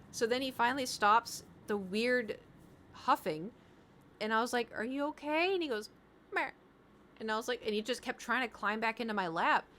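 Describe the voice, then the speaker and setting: A woman's voice: a little high, fairly bright tone, a little hiss or hum. A woman streamer chatting casually, telling rambling stories and talking to her cat.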